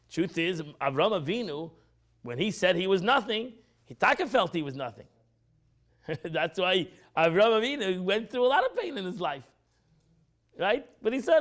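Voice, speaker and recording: High-pitched, animated rabbi teaching a class. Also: male voice, moderate pace, long pauses. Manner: acts out quoted speech with pitch jumps, repeats phrases.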